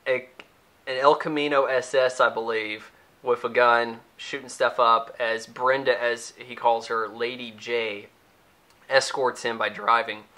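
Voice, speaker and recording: A man's voice: medium pitch, bright, forceful tone. A young man giving a casual, sarcastic, rambling movie review, acting out the characters' lines as he goes.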